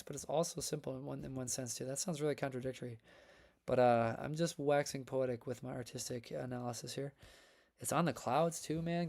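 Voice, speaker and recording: Energetic man hosting a card livestream. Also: medium pitch. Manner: energetic, hype-filled, talks to chat as folks and man. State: voice worn from long reading. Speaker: livestream host reviewing trading cards. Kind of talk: casual livestream chat reading viewer comments.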